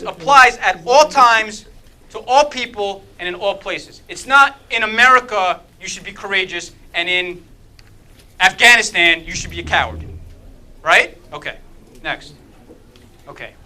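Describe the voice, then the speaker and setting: High-voiced, bright man quizzing a group. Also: low-quality recording. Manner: quizzes the audience with frequent "okay?"; lively and animated, with a playful humor. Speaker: speaker leading a church group talk. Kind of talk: interactive apologetics talk.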